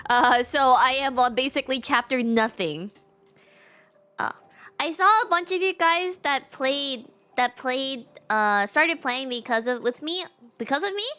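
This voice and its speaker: A woman's voice: sits high, lively intonation, unhurried, bright, forceful tone. A young woman streaming a game, chatting casually and reading the story aloud with self-mocking asides.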